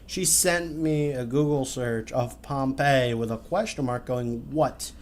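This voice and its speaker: A man's voice: mid-range voice, a little slow. A young man on a podcast, chatting casually and reading online posts aloud with sarcastic asides. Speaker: podcast host.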